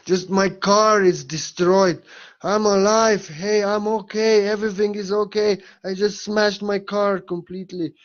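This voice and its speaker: Man doing a gentle disembodied soul, soothing and pleading, raised voice, dull lo-fi sound. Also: high-pitched, steady tone, a little slow, voice pushed up. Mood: reassuring. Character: calm departed soul reassuring grieving loved ones. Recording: dull lo-fi recording.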